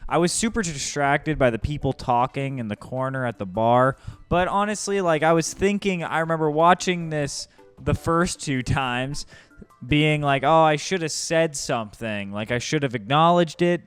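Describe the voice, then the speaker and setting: A man's voice: on the high side, moderate pace, a bit bright, smooth, faint music behind. A man giving frank, self-critical voice-over commentary on his own comedy set.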